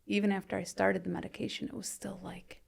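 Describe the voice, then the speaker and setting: A fast-talking woman in her thirties with a creaky, breathy-edged voice of medium pitch and little pitch movement. Guesting on a podcast, she candidly tells her own story in a conversational style, often saying "you know" and letting her words soften into a near-whisper.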